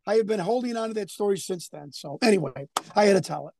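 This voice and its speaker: High-pitched, excitable man storyteller. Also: quick pace, vocal fry, a little hiss or hum. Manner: emphatic, excitable, repeats himself. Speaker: podcast guest. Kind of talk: casual chat and storytelling.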